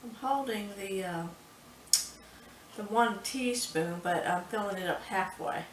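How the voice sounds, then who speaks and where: A woman, chatty and unhurried, leading a casual home cooking tutorial in her kitchen. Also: mid-range voice, recorded from a distance, noisy background. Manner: chatty, unhurried, says "y'all". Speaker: home cooking show host. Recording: echoey kitchen, mic set back.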